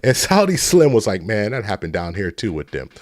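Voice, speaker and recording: A middle-aged man from the Bay Area hosting a casual live stream, telling rambling stories and shouting out viewers. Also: fairly low pitch, big pitch swings, a little fast, dry recording, studio quality. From San Francisco Bay Area.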